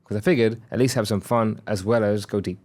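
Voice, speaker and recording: With a fairly low, slightly mellow voice and fairly even intonation, a man in his thirties moves at a fairly quick clip as a podcast guest. He tells a personal story with frank reflection, voicing others' lines as he quotes them.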